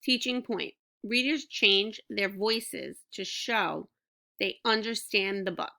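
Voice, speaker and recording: Woman, teacher, bright tone, clear and encouraging, talking to young children. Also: mid-range voice, slow pace. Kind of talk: recorded classroom reading lesson.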